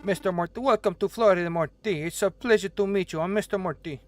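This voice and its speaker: A man's voice: high voice, quick pace, pitched above the performer's own voice, natural voice. A man voicing a formal, stern elderly restaurant owner in a put-on accent while reading game dialogue aloud. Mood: instructive. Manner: exaggerated put-on accent, formal instructive delivery.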